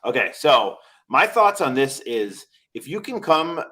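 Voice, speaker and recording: Lively, bright-voiced man chatting. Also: medium pitch, a little slow. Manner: animated, jokey, acts out little quoted voices. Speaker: podcast co-host. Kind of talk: casual chat.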